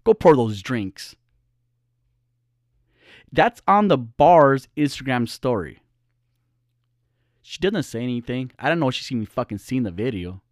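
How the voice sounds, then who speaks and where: A man's voice: mid-range voice, very animated, unhurried, pauses often, no room sound, studio quality. A man who is a podcaster and social media personality, telling a story as a casual monologue. He talks in a profane, ranting way.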